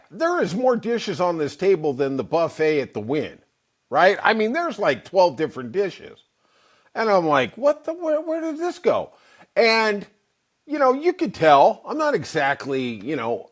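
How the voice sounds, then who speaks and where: A middle-aged male podcast host tells a casual, rambling story. He peppers it with wry asides, and his voice swings widely up and down. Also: on the high side. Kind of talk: casual comic storytelling monologue.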